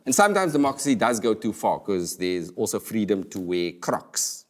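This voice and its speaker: A man hosting a comedy talk show, delivering a playful scripted monologue with sudden high exclamations. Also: big pitch swings, moderate pace, few pauses.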